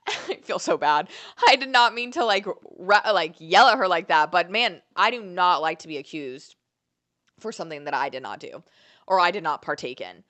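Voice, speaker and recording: Animated young woman telling a story. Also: on the low side, moderate pace. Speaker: vlogger. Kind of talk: storytime vlog.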